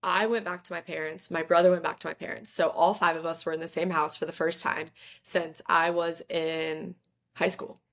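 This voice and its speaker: A young woman, a podcast guest, telling a story in lively, chatty conversation and often saying "like". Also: lowish voice, normal speed. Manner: lively, chatty, fills talk with "like". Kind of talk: casual storytelling interview.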